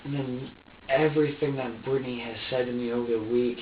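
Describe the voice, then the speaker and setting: A man being questioned by police, talking haltingly with many repeats, his voice often sinking low. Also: steady tone, distant mic. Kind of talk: recorded police interview. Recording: dull echoey room recording from afar, faint hiss.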